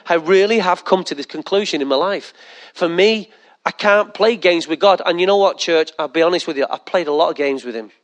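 A male pastor delivers a sermon in a high, bright register. He preaches in an animated way, firing rhetorical questions at the church and slipping into quick acted asides.

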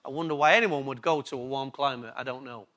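A man's voice: mid-range voice, fast talker, pushed and bright. A man with an English accent preaching a sermon, repeating key words for emphasis and asking the congregation questions. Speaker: pastor.

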